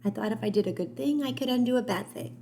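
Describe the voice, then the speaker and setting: A woman's voice: fairly high pitch, fast, warm tone, slight background noise, pitched above the performer's own voice, natural voice. A woman reading an audiobook voices an upset young boy, tearful and pleading.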